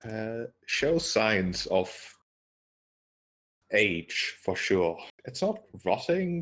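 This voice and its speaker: A man narrating as game master in a tabletop game, describing scenes hesitantly with frequent fillers and restarts. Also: lowish voice.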